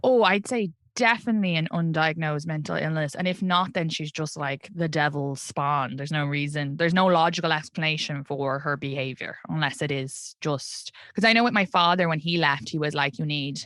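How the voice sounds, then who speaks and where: An Irish woman in her thirties talks with a bright, forceful voice that sits a little low. She chats candidly and laughs easily, and her voice sounds dry and close to the mic. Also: moderate pace, few pauses, dry recording. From Ireland. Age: 30s. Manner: chatty, candid, laughs often. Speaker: comedian guest. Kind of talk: casual interview chat.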